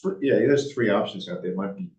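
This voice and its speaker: A man's voice: lowish voice, a little fast, darkish tone. A man serving on a town board, making blunt, emphatic objections in a public meeting. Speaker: board member. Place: municipal meeting room. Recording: dull, distant, echoey room audio.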